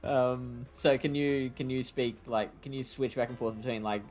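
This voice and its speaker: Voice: medium pitch, steady tone, moderate pace, darkish tone, faint music behind. A stream host chatting casually, laughing often and talking with a lot of fillers. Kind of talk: casual chat on a game stream.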